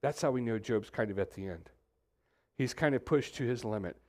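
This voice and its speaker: A man's voice: medium pitch, fairly quick, darkish tone. A man from Texas, preaching a sermon as pastor and wandering into joking asides.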